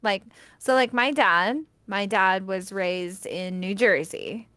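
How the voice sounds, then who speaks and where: A woman's voice: medium pitch, slow pace, fairly bright tone, no room sound. A young woman telling stories in a casual chat, laughing often as she talks. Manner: chatty storyteller, laughs often.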